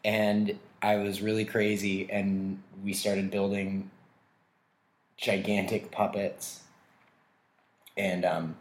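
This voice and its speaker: Deep-voiced male comedian guest, loose rambling storyteller, roomy sound. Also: flat delivery, takes it slowly, long pauses. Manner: rambling, self-mocking, laughs often. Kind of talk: casual storytelling interview. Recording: roomy echo.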